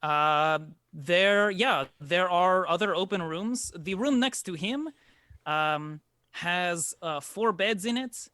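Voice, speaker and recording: A man's voice: sits high, takes it slowly, pushed and bright, no echo, studio quality, heavily acted. A man voicing a polite, formal woman who runs an inn. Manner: courteous, formal hospitality. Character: formal polite adult female innkeeper.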